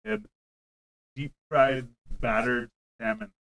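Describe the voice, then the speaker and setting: Young dude rambling thru a story, like like like, cusses a lot, plain middle voice. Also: male voice, mid-range voice, very animated, slow, gravelly, a bit bright, low-quality recording. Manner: rambling storytelling, heavy "like" filler, frequent swearing. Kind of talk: casual chat among friends.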